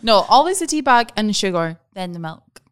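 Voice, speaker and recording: A woman co-hosting a podcast who chats in quick, playful banter. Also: mid-range voice, very animated, clean tone, dry recording, clean studio sound. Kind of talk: casual chat.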